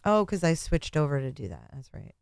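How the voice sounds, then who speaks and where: A middle-aged woman chats on her home livestream in a smooth, clear voice that sits a little low. She talks casually to her viewers, reading their names and thanking them. The sound is dry and close, with no room echo. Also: sing-song, fairly quick, a little mellow. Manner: chatty and emotional, thanking viewers by name. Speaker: livestream host.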